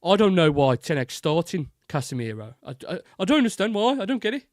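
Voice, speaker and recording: A man's voice: high-pitched, sing-song, a little fast, no room sound, studio quality, pitched above the performer's own voice. A man doing an impression of a grumbling male football pundit with a Birmingham accent, repeating himself in whining disbelief. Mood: baffled.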